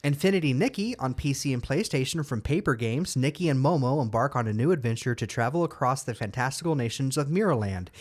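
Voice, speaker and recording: A man co-hosting a podcast, chatting casually and reading game release blurbs quickly, tripping over words now and then. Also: medium pitch, expressive. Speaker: podcast co-host.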